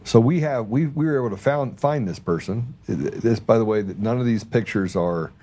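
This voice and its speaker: A man's voice: mid-range voice, moderate pace, warm tone. A man hosting a political talk show, casual and rambling, often sarcastic, repeating his words as he goes. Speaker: podcast host.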